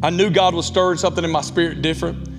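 A man's voice: on the high side, fairly even intonation, rapid-fire. A man in his thirties with a Southern Alabama accent, preaching a folksy, candid sermon with lots of asides. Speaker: pastor. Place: church sanctuary. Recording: long church reverb with music.

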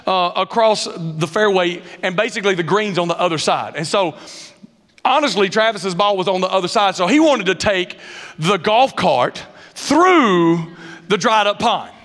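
A high-pitched man with a drawl preaches from the pulpit, telling funny stories with loose country grammar and lively acted-out quotes. His voice rings through a big church hall with a long echo behind it. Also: normal speed. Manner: animated storyteller, dialect grammar, acts out quotes. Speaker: pastor. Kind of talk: sermon with humorous personal stories. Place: church sanctuary. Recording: reverberant hall sound.

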